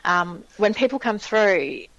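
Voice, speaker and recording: A woman talking as a paranormal investigator guest in a relaxed, chatty way, often laughing. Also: mid-range voice, takes it slowly, muffled recording. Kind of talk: casual interview chat.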